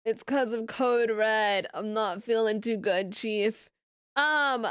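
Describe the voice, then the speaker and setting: A woman streamer talks casually with her viewers, rambling and restarting sentences with plenty of fillers. Her voice is a little high and fairly bright, delivered at a measured pace. The tone is clean, with no echo and studio-quality sound.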